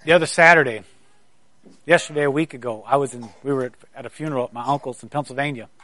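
A man's voice: medium pitch, fast talker, bright, forceful tone. A middle-aged man from South Carolina preaching a sermon, with conversational storytelling and stammering restarts.

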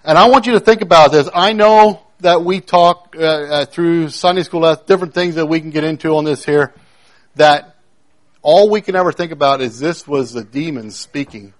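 A pastor with a fairly high voice preaches a sermon emphatically, repeating key phrases and swinging between loud declarations and hushed moments.

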